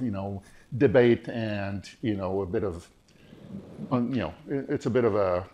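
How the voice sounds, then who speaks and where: A man lecturing on physics in a seminar discussion, hoarse and hesitant, with many fillers and restarts. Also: on the low side, darkish tone. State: hoarse, losing his voice.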